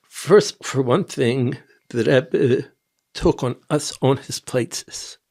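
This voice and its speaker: An older man from Tennessee, a podcast guest, telling personal stories in a rambling, halting way with quiet asides. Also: mid-range voice. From Nashville, Tennessee. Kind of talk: personal storytelling in an interview.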